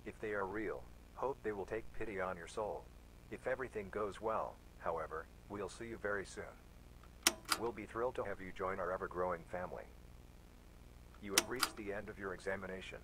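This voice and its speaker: A man voicing a cold adult male examiner who gives formal, flat announcements. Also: sits low, a little fast, close to an everyday voice. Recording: loud noise behind.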